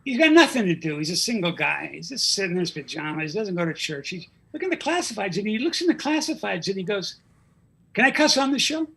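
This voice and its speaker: Gravelly man telling a joke. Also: high voice, fast talker, few pauses. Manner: animated storyteller doing character voices. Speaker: guest comedy writer. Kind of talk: casual chat and joke telling.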